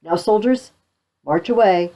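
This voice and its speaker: A woman's voice: mid-range voice, measured pace, dark tone, lightly acted. A woman reading the lines of a king giving firm orders to his soldiers before battle. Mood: commanding. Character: commanding male king sending soldiers to battle.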